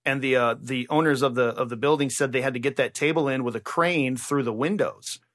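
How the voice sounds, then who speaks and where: A man's voice: mid-range voice, brisk. A man co-hosting a comedy podcast, rambling and swearing in casual chat. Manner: profane, rambling, animated. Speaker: podcast co-host.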